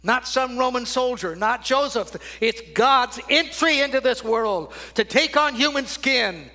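An older man preaching a sermon, swinging from loud, ringing declarations down to hushed, almost whispered lines. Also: very high voice, animated, a little slow.

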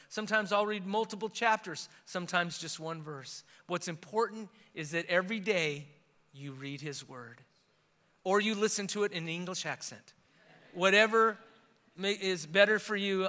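High-voiced man preaching in a hall. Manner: emphatic preaching, swings from loud declarations to hushed earnest tones; conversational asides with restarts. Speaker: pastor. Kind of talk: sermon.

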